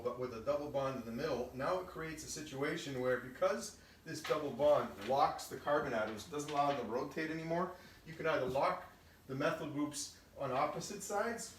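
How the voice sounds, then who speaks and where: A man talks through a chemistry lesson at an ordinary, middle pitch. He explains patiently, piece by piece, and checks in with his students as he goes. The mic sits a little away from him, so the room echoes around his voice, with a faint hum of background noise. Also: far from the mic. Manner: explains step by step, often adding "okay?" and restarting phrases. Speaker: chemistry teacher. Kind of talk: casual recorded lesson.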